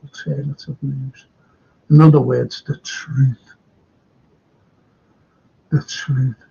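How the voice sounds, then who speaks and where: A man's voice: mid-range voice, little pitch movement, slow pace, gravelly, dark tone, husky. An older man hosting a casual live stream, chatting and reading viewer comments aloud. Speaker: show host. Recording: dull lo-fi stream audio.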